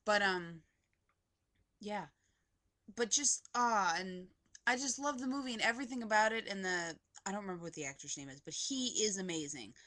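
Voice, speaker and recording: A woman's voice: mid-range voice, expressive, moderate pace, pushed and bright. A young woman vlogging a casual movie review from home on a webcam, gushing and rambling with lots of "like". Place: indoors at home, poorly lit.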